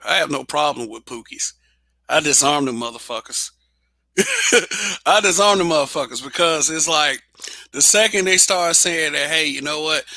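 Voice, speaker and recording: Man, blunt host, profane, laughs often, slightly high voice, very bright tone. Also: expressive, normal speed, creaky, long pauses, no room sound. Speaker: show host. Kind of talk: casual livestream monologue.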